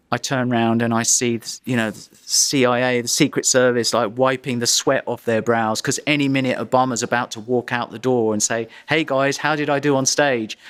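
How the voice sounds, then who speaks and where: A man, a photographer, telling a vivid anecdote in an interview, often restarting his sentences as he goes. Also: medium pitch. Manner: vivid, dramatic storytelling with frequent restarts.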